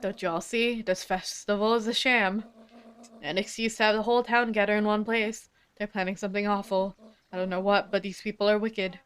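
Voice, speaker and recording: A woman's voice: medium pitch, fairly even intonation, fairly quick, fairly bright tone, lightly acted. A woman voicing a defiant woman pleading urgently with a crowd, sometimes stumbling over her words. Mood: pleading defiance. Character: defiant determined woman whistleblower. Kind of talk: game dialogue read aloud.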